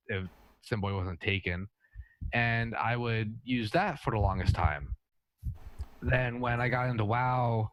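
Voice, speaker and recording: A man co-hosting a casual gaming podcast, rambling through stories and laughing often. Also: medium pitch. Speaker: podcast co-host.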